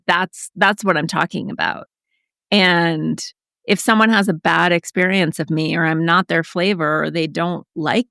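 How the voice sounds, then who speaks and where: A woman with a fairly low voice talks as a guest in a relaxed interview, thinking aloud and looping through casual fillers. Her voice sounds close and dry, with little room around it. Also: gravelly, no room sound. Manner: reflective, talkative, many fillers like "like". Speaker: author and podcast guest.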